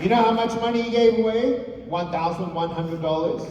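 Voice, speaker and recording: Animated man speaking in an echoing hall. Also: sits high, a little fast, lo-fi sound, noisy background. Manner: animated, uses rhetorical questions. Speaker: motivational speaker. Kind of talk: storytelling speech to a live audience. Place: large hall on stage. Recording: echoey hall from far off.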